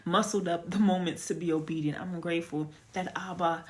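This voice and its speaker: A woman giving a casual spoken testimony, telling her story in a chatty, animated way with lots of fillers. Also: fairly low pitch, brisk. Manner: animated storytelling, acts out quoted dialogue; chatty with frequent fillers and restarts. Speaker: testimony speaker.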